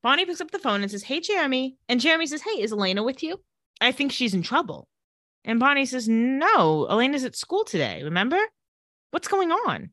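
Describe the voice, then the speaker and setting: Fairly quick and animated, this woman chats on a podcast about a TV episode, switching to low voices when she quotes the characters. It's studio-quality audio with no room sound.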